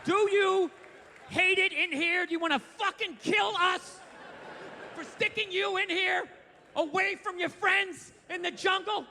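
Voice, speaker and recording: A man's voice: very high voice, measured pace, gravelly, pushed and bright, some chatter behind, slight background noise, voice pushed up, heavily acted. A man voicing a flustered woman who keeps a gorilla, fumbling for words. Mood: urgent. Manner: fumbling, hesitant.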